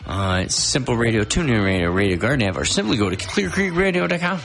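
A man's voice: mid-range voice, quick pace, vocal fry. A man hosting a local radio show, chatting casually and reading off station plugs. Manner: relaxed, plugs stations and links. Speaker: radio host.

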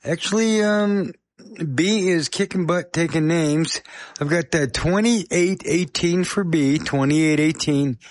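A man hosting a radio music show, talking casually in a scratchy, hoarse voice while fighting a chest cold and coughing now and then. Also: fairly high pitch, slow, no echo. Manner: chatty, self-deprecating, apologetic.

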